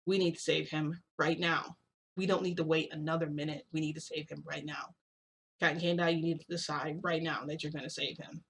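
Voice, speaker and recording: A woman's voice: sits low, little pitch movement, a little fast, a bit bright, husky, heavily acted. A woman voicing a distraught young man who pleads insistently and repeats himself. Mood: pleading.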